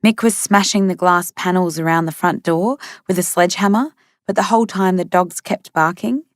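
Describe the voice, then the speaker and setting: Steady woman narrating an audiobook. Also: lowish voice, no echo, studio quality. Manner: measured, steady. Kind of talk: scripted narration.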